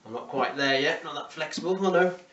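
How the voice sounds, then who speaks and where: A man's voice: a little high, fairly quick, a bit bright, reverberant, far from the mic, highs cut off, slight background noise. A man with an English accent leading a home workout class, encouraging and counting down reps. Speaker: fitness instructor.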